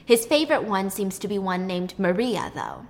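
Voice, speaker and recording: A woman's voice: mid-range voice, very animated, normal speed. A young woman vlogger chatting casually and joking as she recaps a movie and makes a snack.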